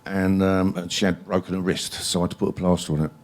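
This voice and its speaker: A man's voice: sits low, flat delivery, fast talker, a little mellow. A man, telling long stories as a guest in a live interview, rambling and swearing freely with many ums. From England. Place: library event hall.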